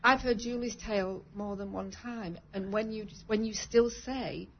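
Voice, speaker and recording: A woman nurse with a gravelly voice speaks warmly and reassuringly about caring for her patients. The recording is dull, and faint room ambience sits behind her. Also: mid-range voice, moderate pace, a little hiss or hum. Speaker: nurse at a cancer care centre. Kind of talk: caring conversation.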